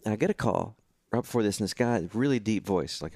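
Man, animated storyteller; quotes others in put-on voices; dry studio sound. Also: fairly low pitch, fast, creaky, no room sound. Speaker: guest musician. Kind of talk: storytelling in casual chat.

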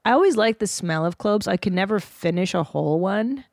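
A woman's voice: medium pitch, expressive, brisk, gravelly, a little mellow, no echo, clean studio sound. A woman from Southern California hosting a podcast in casual chat, blunt and crude, laughing often. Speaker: podcast host.

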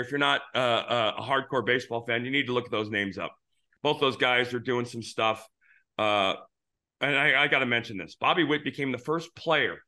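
Bright-voiced rambling baseball talk host. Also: male voice, mid-range voice. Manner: rambling, frequent restarts. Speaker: podcast host, former pitcher. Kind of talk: casual sports talk.

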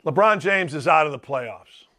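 A man's voice: a little high, animated, moderate pace, sharp tone. A middle-aged man hosting a sports talk show, delivering a brash, rambling monologue and calling out to chat viewers.

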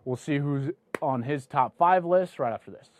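A man's voice: fairly high pitch, normal speed. A man hosting a sports talk show, ranting with mock indignation at viewer comments and bantering with his guest.

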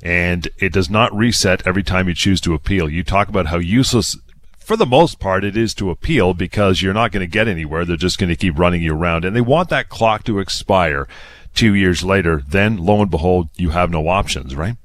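A man's voice: sits low, brisk. A man hosting a radio talk show, setting up points and prompting his guest.

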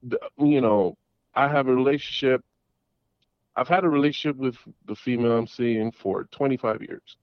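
A middle-aged man calls in, his mid-range voice coming through a dull, lo-fi phone line without echo. He tells a casual story in a rambling, halting way, restarting often and using many fillers.

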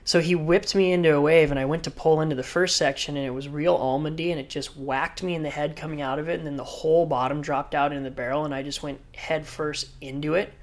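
Animated man telling surf stories. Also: fairly high pitch, quick pace, few pauses. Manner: animated storyteller, surf slang. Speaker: guest, professional surfer. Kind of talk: podcast interview storytelling.

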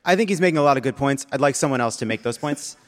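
Man, live podcast co-host, sardonic, profane, animated, long hall reverb. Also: mid-range voice, racing. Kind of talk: live podcast political banter. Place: live stage before an audience.

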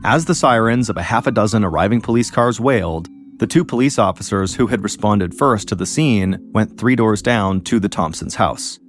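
A man hosting a podcast, telling a true-crime story in a measured, suspenseful scripted narration. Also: fairly low pitch. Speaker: podcast host.

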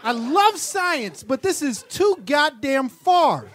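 A man's voice: very high voice, big pitch swings, takes it slowly, a loud crowd, heavy background noise. A man riffing as a guest on a comedy podcast, exasperated and profane. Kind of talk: casual comedic chat.

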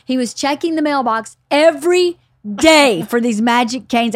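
A lively woman with a high, bright voice tells stories on her podcast, laughing as she goes. Her pitch leaps around freely, and the sound is close and dry. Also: measured pace, no echo. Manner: animated, laughs often while telling stories. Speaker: podcast host. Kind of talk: casual storytelling chat.

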